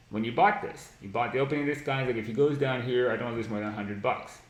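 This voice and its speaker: A man's voice: mid-range voice, fast talker, hardly any pauses, echoey room, slight background noise, poor audio. A man teaching trading on a live stream, blunt and profane, mocking ideas he dislikes and breaking into laughter. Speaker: market analysis streamer.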